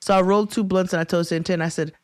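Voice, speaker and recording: A woman co-hosting a podcast, telling an animated story in casual chat, laughing often and swearing freely. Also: lowish voice, racing, dry recording, clean studio sound. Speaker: podcast co-host.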